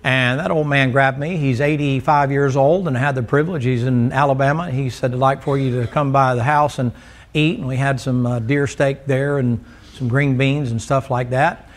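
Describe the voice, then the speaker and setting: A man's voice: medium pitch, steady tone, normal speed. A male preacher, delivering a folksy, joking sermon to a congregation in a church. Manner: folksy, joking storyteller who teases the congregation.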